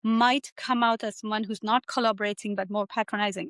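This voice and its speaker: A woman's voice: medium pitch, fairly even intonation, brisk, a bit bright, no room sound. Chatty woman doctor with dry close sound. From India. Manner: conversational, frequent "like" and "right?" tags. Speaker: physician, interview guest. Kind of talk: reflective interview answers.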